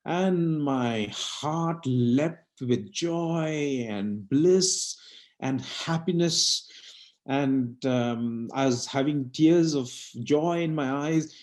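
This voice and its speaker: A middle-aged man from India telling a personal devotional story at a satsang in an earnest, halting way with many fillers. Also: a little high, a little mellow. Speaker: satsang speaker.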